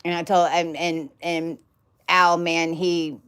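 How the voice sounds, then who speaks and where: A woman with a fairly low-pitched voice gives a loose, unscripted teaching talk. She is blunt and profane, and she drives her points home by repeating words. Her delivery is emphatic and informal. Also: flat delivery, slow pace, a bit bright, clean tone. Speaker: spiritual teacher. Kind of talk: casual teaching monologue.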